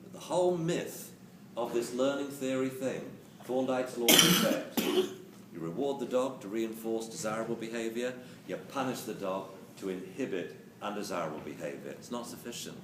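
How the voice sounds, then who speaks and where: A man giving a lively, jokey lecture on dog training to a live audience, acting out quotes as he goes. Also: medium pitch, normal speed, few pauses. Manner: animated, jokey, acts out quotes. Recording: roomy, distant camera mic with hiss.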